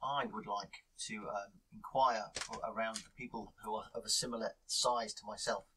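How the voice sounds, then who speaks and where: A man's voice: fairly low pitch, fairly even intonation, normal speed, sharp tone, a little hiss or hum, rough recording. A man playing at a tabletop game, speaking in character in a hesitant, mock-formal way. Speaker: player.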